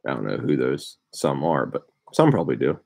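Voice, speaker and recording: A man hosting a sports card break, calmly reading out player names as he opens packs. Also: rumbling low, creaky. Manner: unhurried, reads out player names with bursts of excitement. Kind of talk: casual card-opening commentary.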